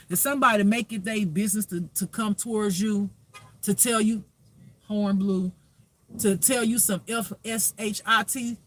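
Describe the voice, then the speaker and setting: A man's voice: sits high, steady tone, normal speed, a bit bright, slight background noise. A man giving a spiritual reading as a life teacher, preaching emphatically with rhetorical questions.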